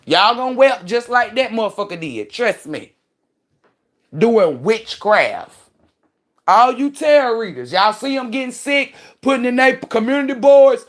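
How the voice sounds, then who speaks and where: A woman's voice: on the high side, very animated, moderate pace. Profane, preachy woman ranting on a livestream. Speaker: livestream host and spiritual commentator. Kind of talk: casual livestream rant.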